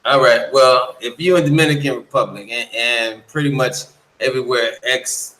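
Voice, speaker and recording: A man talks bluntly and swears freely, telling stories in a bright, forceful voice. The room around him gives his voice a clear echo. It is a loose, casual conversation. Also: mid-range voice. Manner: blunt, profane storytelling. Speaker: guest. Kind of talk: casual chat. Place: lives in the Dominican Republic.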